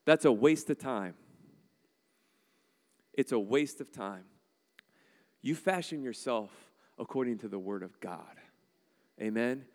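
Joking preacher in a reverberant hall. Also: male voice, mid-range voice, slow, long pauses. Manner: animated, joking, acts out voices. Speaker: pastor. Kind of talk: sermon.

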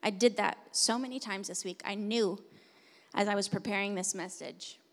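A woman pastor preaching a sermon, moving between hushed, intimate passages and loud, forceful declarations. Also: mid-range voice, steady tone, moderate pace. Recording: long hall reverb.

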